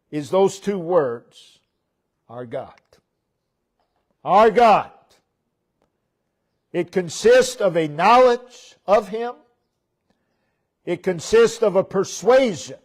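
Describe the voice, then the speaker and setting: A man preaching slowly from the pulpit in a fairly high voice. He hammers on repeated phrases and lets each line sink to a quiet close. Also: animated. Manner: emphatic, repeats phrases, lets line endings drop low and soft. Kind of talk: sermon. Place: church.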